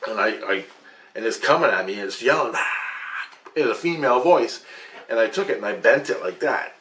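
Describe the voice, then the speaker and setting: A man's voice: mid-range voice, animated, fairly quick, a bit bright, echoey room, a little hiss or hum. A man vlogging a rambling account of a dream, repeating himself, restarting sentences and swearing often. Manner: repetitive with restarts and frequent swearing.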